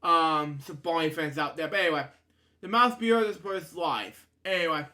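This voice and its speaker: Bright-voiced man rambling through a storybook. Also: on the high side, normal speed. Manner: rambling, stumbles and restarts often. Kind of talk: reading a storybook aloud with rambling asides.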